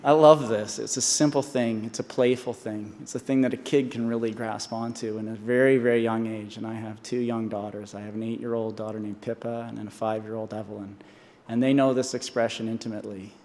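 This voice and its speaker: A man's voice: on the low side, level tone, a little fast, hardly any pauses, darkish tone. A man in his forties giving an earnest commencement speech from a podium, often restarting and repeating himself. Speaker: honorary doctorate speaker. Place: large convocation hall. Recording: long hall reverb.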